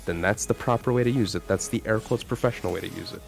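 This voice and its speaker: A low-voiced man with a gravelly, creaky edge, ranting on a live stream with heavy swearing and constant restarts. Faint music plays quietly under his voice. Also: fast. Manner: profane, animated ranting with many restarts. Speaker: streamer co-host. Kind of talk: casual live-stream chat.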